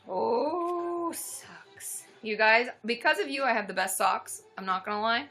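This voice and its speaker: A young woman chatting excitedly to her viewers while opening fan mail, often squealing with delight. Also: fairly high pitch, unhurried, few pauses, faint music behind. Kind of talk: casual livestream chat.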